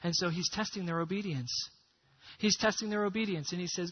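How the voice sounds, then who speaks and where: A man with a high, husky voice delivers a sermon, dropping to a hush and then rising loud as he tells a story. The recording sounds dull and lo-fi. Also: fairly quick. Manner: dramatic storytelling, swings from hushed to loud. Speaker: pastor.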